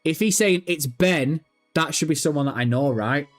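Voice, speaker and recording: A man hosting a gaming livestream, chatting casually with viewers, sweary and jokey, mocking and animated. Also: a little high, moderate pace, soft background music. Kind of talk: casual livestream chat reading viewer comments.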